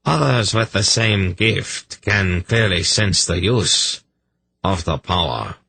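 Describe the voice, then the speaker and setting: A male audiobook narrator voicing a menacing older male sorcerer-priest who speaks in a calm, deadly, mocking way. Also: low-pitched, creaky, breathy edge, exaggerated voice. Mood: coldly mocking. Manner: slow, cold, mocking. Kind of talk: audiobook character reading.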